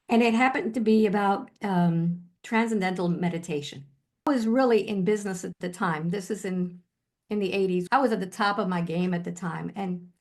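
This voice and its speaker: Older lady hypnotherapist chatting through her story, lots of likes and you knows, mid pitch. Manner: animated, quotes herself, many fillers. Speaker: hypnotherapist guest. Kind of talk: personal storytelling in an interview.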